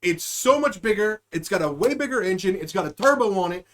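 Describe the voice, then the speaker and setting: High-voiced joking male streamer. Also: lively intonation, a little fast, a bit bright. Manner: rambling, joking, profane, riffing on word associations. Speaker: podcast host and streamer. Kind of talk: live-stream chat with viewers.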